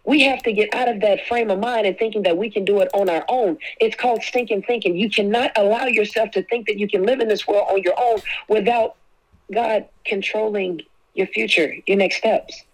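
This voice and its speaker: A woman's voice: mid-range voice, steady tone, brisk, rough recording. Emphatic woman preaching on faith. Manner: emphatic, repeats key phrases, speaks prayers aloud. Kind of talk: preaching-style faith talk.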